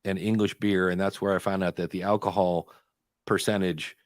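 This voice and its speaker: A man chats casually as the co-host of a live stream, telling a long story with many small pauses and filler words. His voice sits fairly low. The sound is close and dry, with no room echo. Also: level tone. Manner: chatty storytelling, pausing to hunt for words. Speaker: podcast co-host.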